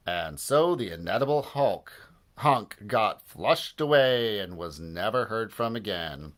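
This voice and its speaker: Lively man reading a children's book aloud. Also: lowish voice, takes it slowly. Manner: animated, playful delivery with many voices. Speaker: storybook reader.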